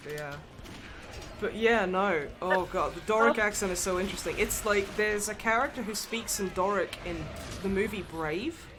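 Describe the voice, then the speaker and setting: A woman hosting a casual charity livestream, chatty and quick to laugh, with casual swearing. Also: medium pitch. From Australia. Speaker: livestream host. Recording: noisy livestream mic.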